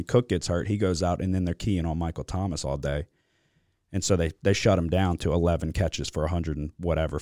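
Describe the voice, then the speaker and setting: A man with a very low voice hosts a casual sports podcast. He talks in a loose, animated way and swears freely. The sound is dry and close. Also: no echo. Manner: animated, profane, venting. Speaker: podcast host.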